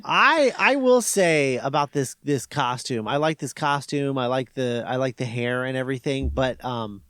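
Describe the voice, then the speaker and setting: A man's voice: mid-range voice, lively intonation, moderate pace, a bit bright, clear, resonant tone, dry recording, studio quality. A man speaking as a guest on a podcast in casual chat, hesitant and full of restarts. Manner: hesitant, many restarts and fillers.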